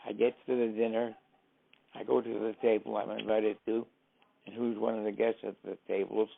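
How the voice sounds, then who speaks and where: An older man, an interview guest, telling stories in a lively way and acting out the dialogue as he goes. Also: fairly low pitch, normal speed, no room sound. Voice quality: gravelly. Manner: lively storyteller who acts out the dialogue. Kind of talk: anecdotal storytelling. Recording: tinny, phone-like, dry sound.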